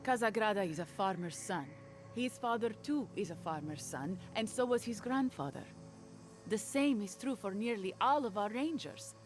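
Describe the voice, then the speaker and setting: An actress voicing a brisk, proud ranger in game character dialogue, curt and opinionated. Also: female voice, mid-range voice, expressive, soft background music, close to an everyday voice.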